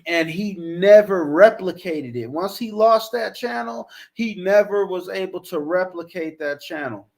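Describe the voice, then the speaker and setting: Man, high voice, profane repetitive rant, casual talk. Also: animated, measured pace, gravelly, few pauses, darkish tone. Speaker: commentary vlogger.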